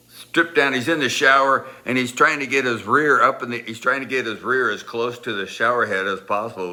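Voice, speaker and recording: Animated man telling a funny story. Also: fairly low pitch. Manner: animated, laughs through the telling, acts out voices; rambling with restarts. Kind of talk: personal anecdote storytelling.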